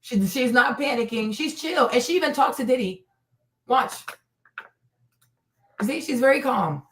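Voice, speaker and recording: A woman host talks her viewers through a video clip, stressing each point. She keeps asking "right?" and "you see?", and she acts out the people in the clip in quoted voices. Her voice sits a little high. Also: expressive, normal speed. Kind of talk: commenting on a video.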